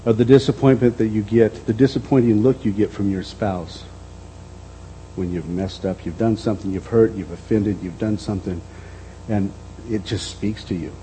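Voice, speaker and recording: A middle-aged man preaching a reflective sermon as a pastor, dropping to a soft voice and then lifting it again. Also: lowish voice, fairly even intonation, normal speed, a little hiss or hum, poor audio. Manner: reflective, speaks softly then lifts his voice.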